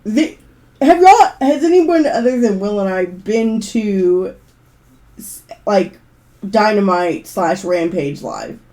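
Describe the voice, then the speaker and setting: Brief: laid-back woman co-host, warm mellow voice, animated pitch. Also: slow pace. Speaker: podcast co-host. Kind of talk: casual podcast chat.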